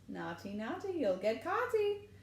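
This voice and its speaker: A woman's voice: very animated, measured pace, gravelly, echoey room, slight background noise, heavily acted. A woman doing a cackling sing-song poltergeist. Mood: taunting. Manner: high taunting sing-song. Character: cackling mischievous male poltergeist.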